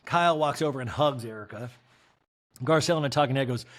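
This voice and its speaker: A man hosting a comedic podcast recap, talking in an animated, rambling way and laughing between jokes. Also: medium pitch, fast. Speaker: podcast host. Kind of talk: comedic recap of a reality show.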